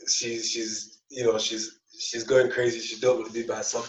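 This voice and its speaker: A man's voice: medium pitch, little pitch movement, brisk, few pauses, recorded from a distance. A young man tells a rambling story on a casual podcast, stumbling over his words and acting out the dialogue. He sits back from a dull, lo-fi mic in an echoey room. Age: young adult. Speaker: podcast co-host.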